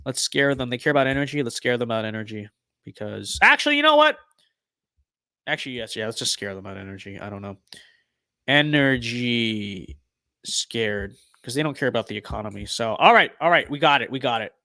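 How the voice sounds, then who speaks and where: A man's voice: mid-range voice, fairly quick, creaky, dry recording, studio quality. Sarcastic young man streaming a game. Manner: sarcastic, swings from muttering to excited outbursts. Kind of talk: casual gameplay commentary.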